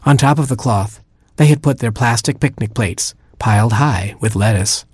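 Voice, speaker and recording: Man, storybook narrator, mid pitch, measured, gently humorous, dry close sound. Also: husky, dry recording. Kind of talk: storybook reading.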